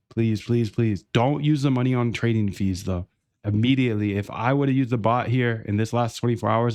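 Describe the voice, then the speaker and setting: A man hosting a trading live stream, delivering a hyped, pushy sales pitch and calling the listener dude and bro. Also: a little mellow, no room sound, clean studio sound. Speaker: trading channel host.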